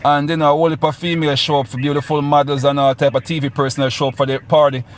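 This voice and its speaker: A man's voice: a little high, level tone, very fast. Jamaican man in his forties, easygoing. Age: 40s. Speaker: guest musician. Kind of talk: casual radio interview.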